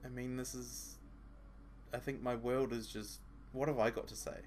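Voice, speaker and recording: A man, hoarse from losing his voice, making joking, exasperated asides as a let's play host. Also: medium pitch, little pitch movement, moderate pace, a little hiss or hum. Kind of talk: sarcastic game commentary.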